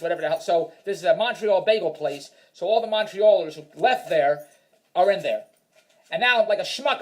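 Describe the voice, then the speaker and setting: A man telling a rambling, self-mocking stand-up story in an exasperated rant. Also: sits high. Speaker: stand-up comedian.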